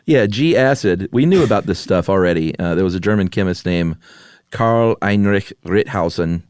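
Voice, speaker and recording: A man co-hosts a podcast in relaxed conversation, easygoing and drawling, with plenty of "uh" fillers. His voice sits low for a man. The recording is dry and close-miked. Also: normal speed, clear, resonant tone, no echo. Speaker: podcast co-host. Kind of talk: casual chat.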